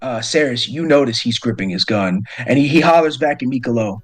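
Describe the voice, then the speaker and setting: A man's voice: medium pitch, lively intonation, brisk, hardly any pauses. A man narrating as game master of a tabletop game, often restarting his phrases hesitantly.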